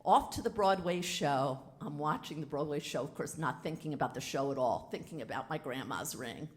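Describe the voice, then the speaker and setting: A woman with a somewhat low voice tells a personal story live from a theater stage. She is frank and animated, acting out each exchange dramatically. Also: normal speed. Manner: animated, dramatic retelling with quoted dialogue; casual and frank. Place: theater stage before an audience.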